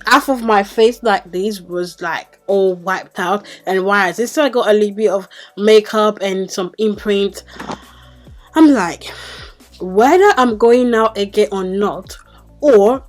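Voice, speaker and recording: A young adult woman telling a story to camera as a beauty vlogger in a casual, chatty and exasperated way, with many fillers. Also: medium pitch.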